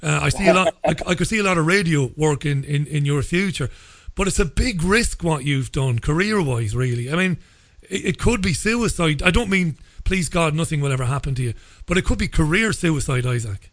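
Halting, measured male radio host. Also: fairly high pitch, lively intonation, no echo. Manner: hesitant, stammering, measured. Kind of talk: interview.

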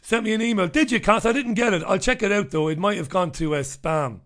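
A man's voice: high voice, fairly quick, fairly bright tone. A middle-aged man hosting a radio show, chatting casually and bluntly as he reads out listener messages.

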